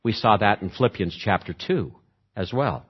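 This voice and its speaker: A man preaching a sermon, emphatic, repeating words for stress and switching between slow, weighty phrases and quick runs. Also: fairly low pitch, expressive, slightly rough, dull audio. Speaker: pastor.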